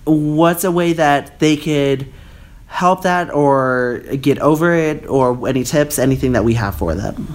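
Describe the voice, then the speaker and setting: A woman's voice: sits low, a little slow, darkish tone. A young woman co-hosting a casual podcast from a bed, bantering playfully and giggling often. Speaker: podcast co-host. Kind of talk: casual chat. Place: bedroom, on a bed.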